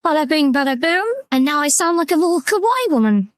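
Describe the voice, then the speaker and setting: A man's voice: very high voice, expressive, a little fast, dry recording, soft background music, voice pushed up. A man using a voice changer to sound like a cute anime girl, joking while he tests it. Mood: playful. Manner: jokey, testing the voice changer.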